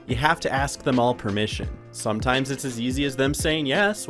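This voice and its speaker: A woman commenting on gameplay and narrating a video, excitable and joking, shouting when surprised. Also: extremely low pitch. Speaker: video essayist and gamer.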